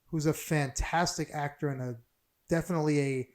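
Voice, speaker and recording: A man co-hosting a casual film podcast, talking in an excitable, rambling way and swearing often. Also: fairly high pitch, moderate pace. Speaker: podcast co-host.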